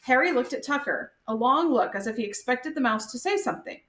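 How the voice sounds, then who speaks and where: A woman reading a children's chapter book aloud in a steady, expressive way. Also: a little high, a little fast, slight background noise. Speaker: reader. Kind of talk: storybook read-aloud. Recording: echoey room.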